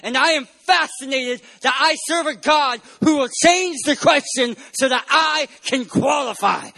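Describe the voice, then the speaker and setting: A male pastor preaching a sermon at a church service, emphatic, swinging between loud and hushed delivery. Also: very high voice, unhurried, gravelly, few pauses.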